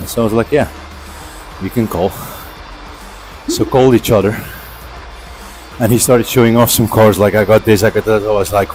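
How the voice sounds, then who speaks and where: A man's voice: lowish voice, fairly even intonation, brisk, a little mellow, soft background music, low-quality recording. A man casually telling a rambling story while cycling on an indoor trainer, slightly out of breath. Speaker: vlogger. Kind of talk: casual storytelling during a workout. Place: indoor training setup at home.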